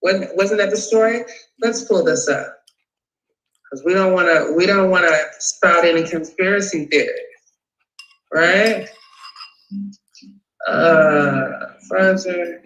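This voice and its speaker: A man hosting a talk show, ranting about politics in an animated, profane, sarcastic way. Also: high-pitched, unhurried, long pauses, echoey room, poor audio. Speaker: host. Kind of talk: profane political rant and call-in chat.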